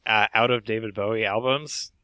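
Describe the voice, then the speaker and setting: A man co-hosting a podcast in casual chat, mild and hesitant, filling pauses with uhs and small laughs. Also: on the low side, steady tone, pushed and bright, clean tone. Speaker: podcast co-host.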